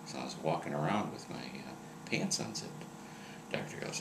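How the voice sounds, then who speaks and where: A man telling jokes in a halting, rambling way, pausing often to search for words. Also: very deep voice, animated, vocal fry. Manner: rambling, halting storyteller with many "uh"s. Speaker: joke teller. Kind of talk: casual joke telling. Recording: noisy outdoor recording with crickets.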